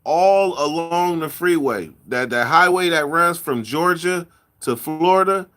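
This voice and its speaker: A man from California in a casual chat, telling rambling stories with drawn-out words and lots of repeats. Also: a little high, fairly bright tone. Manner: loose storytelling, drawn-out words, repeats himself. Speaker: podcast host.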